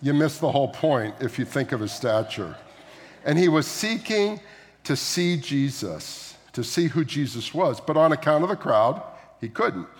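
A man's voice: mid-range voice, lively intonation, measured pace. A man preaching a sermon as a pastor, talking through scripture in a conversational way, with frequent asides and questions to the listeners. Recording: long hall reverb.

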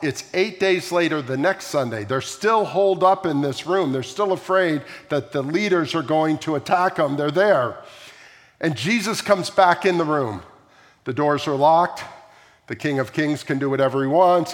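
A fairly high-voiced man delivers a sermon in a large sanctuary, his words ringing with a long hall reverb. He tells the story in an animated way and keeps throwing questions out to the congregation. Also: moderate pace. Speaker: pastor.

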